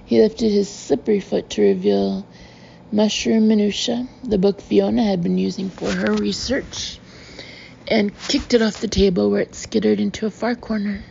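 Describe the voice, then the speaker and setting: A woman narrates a storybook in a measured way, dropping in wry asides. Her voice is slow, gravelly and dark. The recording is dull with a faint hiss. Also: medium pitch, fairly even intonation. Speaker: audiobook reader.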